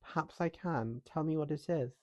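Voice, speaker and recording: A man voicing a cheerful little female mouse princess in a storybook reading, talking in a squeaky, eager, gentle way. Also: moderate pace, dry recording, close to an everyday voice.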